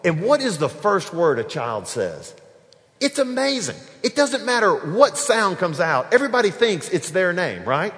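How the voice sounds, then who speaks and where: A man preaching a sermon in a church, animated and acting out the small voices of children. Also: high-pitched, moderate pace. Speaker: pastor. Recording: long reverb of a large hall.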